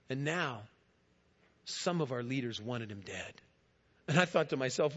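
A man, a guest speaker in a church, giving a first-person dramatic monologue in a storytelling manner, swelling loud and then dropping quiet. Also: medium pitch, animated, unhurried, long pauses. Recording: dull lo-fi recording.

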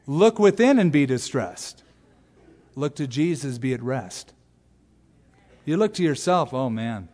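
A man preaching an expository sermon as pastor, animated and acting out little voices. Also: mid-range voice, a little slow, pauses often, long reverb tail. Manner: animated, acts out voices and exaggerated asides. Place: large church sanctuary.

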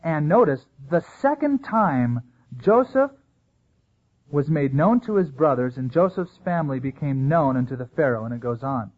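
A man preaching a sermon as pastor, lively and storytelling, acting out the people he quotes. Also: fairly high pitch, husky. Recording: tinny phone-like sound.

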